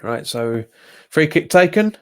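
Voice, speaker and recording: Excitable Cockney-accented football streamer. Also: male voice, a little slow, smooth. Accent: Cockney-tinged London English. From England. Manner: exasperated, jumps up in pitch at bad calls, chats with viewers. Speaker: football fan livestreamer. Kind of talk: live match watch-along commentary.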